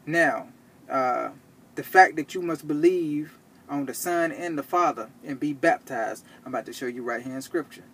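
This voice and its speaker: A man teaching from the Bible, reading verses slowly and checking in with "okay?" after each point. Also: on the high side, a bit bright, breathy edge. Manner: reads verses slowly and deliberately. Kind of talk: scripture teaching to camera.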